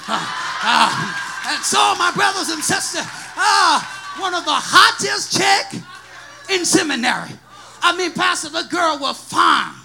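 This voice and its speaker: High-pitched shouting African preacher man. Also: lively intonation, a little slow, gravelly. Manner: shouted sing-song preaching, rising into chanted calls. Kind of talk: sermon with personal testimony. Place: church.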